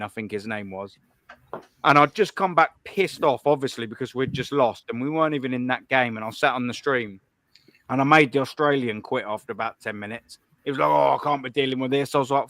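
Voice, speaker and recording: A man's voice: medium pitch, pushed and bright, no echo. A young man hosting a live call-in stream, ranting bluntly and profanely in a combative way.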